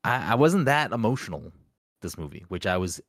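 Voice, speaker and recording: A man's voice: fairly low pitch, big pitch swings, brisk, fairly bright tone, dry recording, clean studio sound. A man co-hosting a casual podcast chat, blunt and emphatic, swearing freely. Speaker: podcast co-host.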